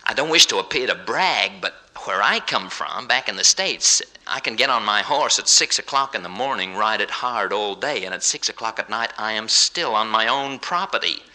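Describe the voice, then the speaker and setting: A man's voice: fairly low pitch, lively intonation, bright, forceful tone, pitched below the performer's own voice, full character voice, rough recording. A man voicing a boastful big American tourist who brags about the size of his ranch. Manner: bragging, brisk and showy.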